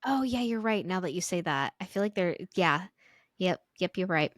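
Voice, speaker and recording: Female podcast co-host, 30s, lowish voice, dry close mic, rambling casual storyteller. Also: normal speed, no room sound. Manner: chatty, filler-heavy, animated when quoting.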